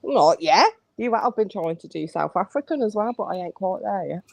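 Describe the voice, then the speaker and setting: A woman's voice: medium pitch, lively intonation, fairly quick, gravelly, dry recording. A woman who is a guest on a casual late-night live chat, giggly and chatty. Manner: giggly, chatty storyteller, swears.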